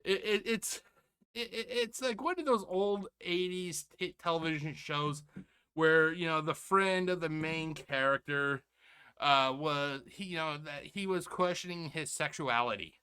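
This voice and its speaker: A man hosts a reaction video with sarcastic, rambling commentary, stumbling over restarts and calling his viewers "ladies and gentlemen." His voice sits a little high for a man, with a bright, forceful edge. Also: measured pace, clear, resonant tone. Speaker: reaction channel host. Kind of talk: casual commentary.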